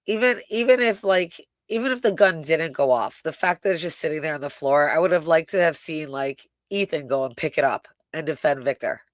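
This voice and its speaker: Woman doing a casual animated TV recap. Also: low voice, a little fast, hardly any pauses, no echo, studio quality. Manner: animated retelling with frequent "like" and "right?", swears casually. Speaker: co-host reviewing a TV episode. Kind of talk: casual live recap chat.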